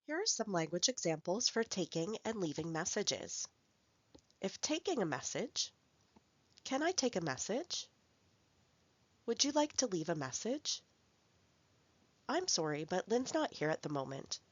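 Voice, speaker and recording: A woman narrating a recorded language workshop, speaking clearly and carefully as she reads out example phrases. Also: mid-range voice, sing-song, a little slow, pauses often, no room sound, lo-fi sound. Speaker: language support instructor.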